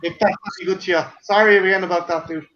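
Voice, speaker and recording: A man with a high-pitched voice chats loosely with friends, cursing casually and tripping over his own words. The sound is dull and lo-fi, as over a video call. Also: fairly even intonation, fast talker, pushed and bright. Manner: swears casually, stumbles and repeats words. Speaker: guest on a video call chat.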